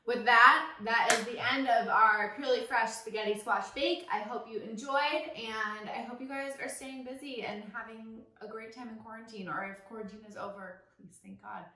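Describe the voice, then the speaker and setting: A young woman with a bright, slightly high voice chats casually through a home cooking video, teasing and laughing easily. She sounds set back from the camera mic, with the echo of a bare kitchen around her. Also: steady tone, normal speed, few pauses. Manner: chatty, laughs often, teasing. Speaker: cooking vlog co-host. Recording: echoey kitchen, mic far off.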